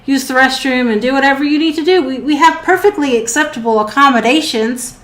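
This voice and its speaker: A woman voicing a small, eager robot servant who shouts in a high, excited voice. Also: a little fast, roomy sound. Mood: cheerful.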